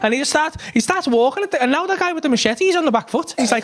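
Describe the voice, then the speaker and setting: A man's voice: very high-pitched, racing, noisy background. A man doing stand-up, telling a story with lots of swearing and laughter. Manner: animated, swearing, laughs at his own story. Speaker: stand-up comedian. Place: comedy club stage.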